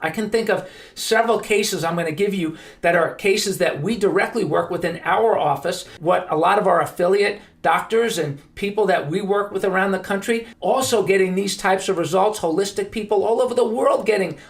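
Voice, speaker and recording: A man's voice: high voice, fairly quick, few pauses. A man hosting a podcast, telling stories in an earnest, emphatic monologue. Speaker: podcast host.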